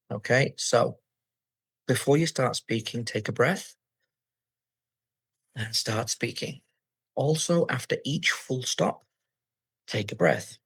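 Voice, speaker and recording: A man with a slightly husky voice gives a clear, instructive lesson on reading aloud for an English exam. He speaks at a middle pitch into a close mic in a dry room. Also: no echo, rough recording. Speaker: English teacher.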